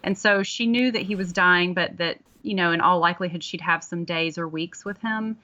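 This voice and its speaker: A woman's voice: on the low side, normal speed, sharp tone, muffled recording. A woman who works as an ER nurse, a guest on a podcast, telling a patient story in an earnest, reflective way. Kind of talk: conversational interview.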